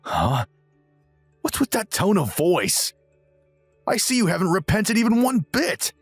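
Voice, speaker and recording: A man's voice: high voice, sing-song, unhurried, breathy edge, dry recording, soft background music, pitched above the performer's own voice, heavily acted. A man voicing a smug, self-righteous young husband who lectures and sneers in a dramatized text-message story. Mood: arrogant.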